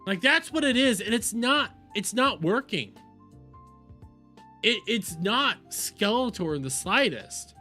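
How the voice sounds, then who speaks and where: A man's voice: sits high, very animated, takes it slowly, pushed and bright, faint music behind. A young adult man giving profane, rambling reaction commentary as a video host.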